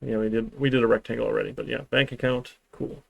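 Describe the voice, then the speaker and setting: A man's voice: mid-range voice, level tone, fast, creaky, dry recording. A man teaching a programming class in a live-streamed lecture, talking in a rambling way with dry, sarcastic asides. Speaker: programming instructor.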